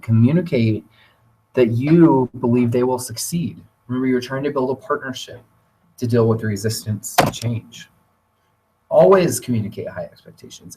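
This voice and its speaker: A man presenting a teacher training webinar, talking in a relaxed conversational way with occasional fillers. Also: medium pitch, slight background noise. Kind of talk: webinar lecture. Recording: voice distant from the mic.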